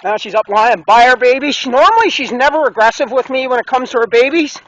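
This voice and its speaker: A man's voice: very high-pitched, lively intonation, quick pace, a bit bright. A man filming himself on his homestead, talking to the camera while he works and calls to his pig. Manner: talks to camera while working, coaxing and calling out to his pig. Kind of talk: handheld outdoor vlog narration. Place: outdoors in brush on a farm. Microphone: camera mic, handheld and then set on a tree. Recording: dull lo-fi outdoor camera audio with clear background noise.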